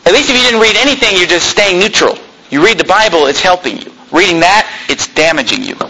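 High-voiced, fiery preacher. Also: male voice, animated, fast talker, sharp tone, husky, low-quality recording. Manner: combative, sarcastic, asks the congregation for shows of hands. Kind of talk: fiery sermon.

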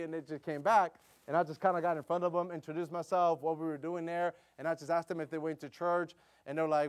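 A man delivering a sermon in a chatty storytelling mode, with his voice sitting slightly high. He drifts through fillers and asides, then surges into loud, emphatic bursts when he exhorts his listeners. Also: steady tone, quick pace. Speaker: preacher.

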